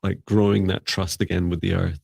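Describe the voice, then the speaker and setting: Deep gravelly male psychic mentor. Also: flat delivery, brisk, dry recording. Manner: gentle, rambling advice with many fillers. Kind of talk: live-stream psychic reading.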